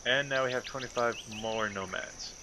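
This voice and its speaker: A man's voice: mid-range voice, moderate pace, background noise. A man giving casual, thinking-aloud commentary while playing a city-building game. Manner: muttering to himself, thinking aloud. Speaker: gameplay commentator.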